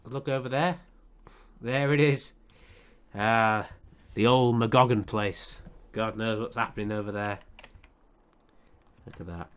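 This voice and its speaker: A man's voice: lowish voice, slow, long pauses, smooth. A man commentating over a life-sim game, sarcastic and profane as he scolds the characters. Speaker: let's play commentator.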